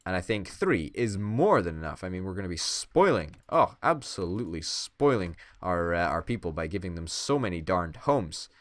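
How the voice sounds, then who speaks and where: A man's voice: low voice, very animated, fairly quick, few pauses, no echo. A man giving playful, swearing let's-play commentary and hamming it up as a would-be dictator. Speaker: gaming YouTuber.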